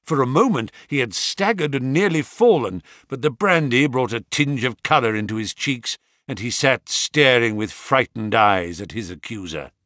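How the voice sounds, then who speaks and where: A man narrating a story in a measured, scripted way. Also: mid-range voice, expressive, fairly bright tone, no room sound, studio quality. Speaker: audiobook narrator.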